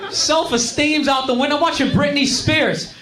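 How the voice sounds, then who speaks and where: A man's voice: extremely high pitch, moderate pace, fairly bright tone. A man in his thirties doing stand-up comedy, self-mocking and exasperated. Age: 30s. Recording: echoey club with crowd laughter and noise.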